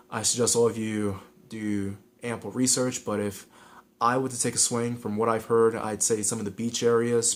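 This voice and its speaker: A man with a Southern California accent giving frank, rambling advice in a casual vlog, with many restarts and fillers. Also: medium pitch.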